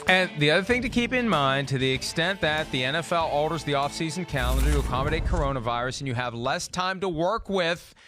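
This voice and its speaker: A man's voice: a little high, fairly quick, hardly any pauses, music in the background. A middle-aged man hosting a sports talk show, chatting casually and wryly with colorful turns of phrase. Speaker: host.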